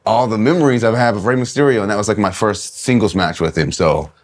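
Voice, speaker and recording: A man from Kentucky, a guest wrestler on a podcast, telling stories in a lively way with frequent laughs and restarts. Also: fairly low pitch, fast talker. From Kentucky, USA. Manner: animated, laughing, many restarts. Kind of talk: casual podcast interview storytelling.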